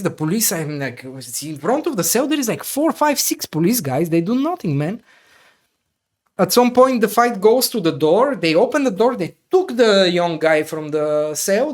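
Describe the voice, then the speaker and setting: A man hosting a podcast, retelling a personal story in animated, loosely phrased English full of fillers. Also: sits high. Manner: animated retelling with loose, non-native grammar and many fillers. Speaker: podcast host.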